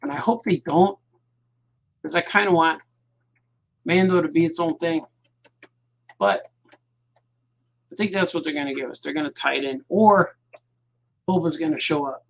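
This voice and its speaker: A man's voice: on the high side, moderate pace, vocal fry, long pauses, slight background noise. A man, a cartoonist, chatting casually to his viewers at home at night while he draws, rambling and repeating himself as his thoughts drift. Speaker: cartoonist hosting his own show.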